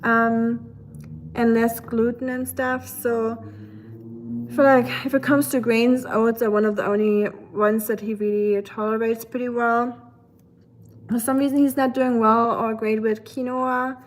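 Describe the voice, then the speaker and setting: A woman's voice: on the high side, level tone, a little slow, slight background noise. A woman from Germany with a German accent, chatting casually with viewers on a live stream, full of fillers and reading out their comments.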